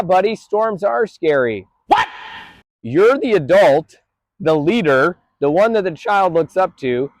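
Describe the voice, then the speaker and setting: Out on a busy street, a man trains a dog and plainly explains his approach to the camera, calling out praise to the dog. His voice is a little high, and the recording is dry.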